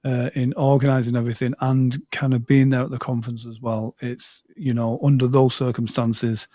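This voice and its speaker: A man's voice: mid-range voice, flat delivery, moderate pace, mellow, no echo. A man, a guest hypnotist in a casual video-call chat, chatting and reading comments aloud.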